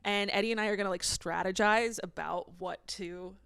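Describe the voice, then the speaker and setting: A woman's voice: medium pitch, steady tone, normal speed, vocal fry, fairly bright tone, clean tone, no room sound. A young woman co-hosting a podcast, chatting casually and playfully, often breaking into laughter. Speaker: podcast co-host. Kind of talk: casual chat.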